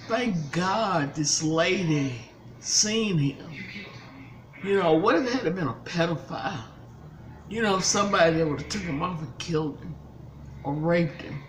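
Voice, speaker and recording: A woman's voice: lowish voice, slight background noise, low-quality recording. An older woman, a grandmother, telling an upsetting story in casual chat, tearful and angry by turns. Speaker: vlogger.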